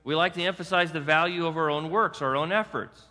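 A man in his fifties delivers an animated sermon, chatting with the room and dropping into short acted voices. His voice is bright and forceful and sits a little high. A long hall reverb trails after every phrase. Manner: animated, conversational preaching with quick acted asides. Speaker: pastor.

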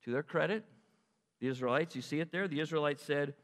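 A man preaching a sermon in an animated way, acting out God's words and asking his listeners questions. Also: fairly high pitch, fast, big-room sound. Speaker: pastor.

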